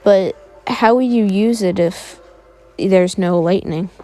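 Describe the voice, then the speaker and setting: A woman's voice: mid-range voice, slow pace, dark tone, natural voice. A woman voicing a skeptical little boy who speaks plainly and doubtfully.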